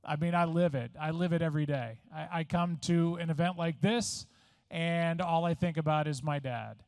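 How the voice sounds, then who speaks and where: A man's voice: fairly high pitch, normal speed, darkish tone, clear, resonant tone, no echo. Self-mocking man at a podium, dry sound. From Missouri. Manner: self-deprecating, conversational storytelling. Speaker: award honoree giving a speech. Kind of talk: after-dinner acceptance speech. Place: resort event room. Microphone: podium microphone.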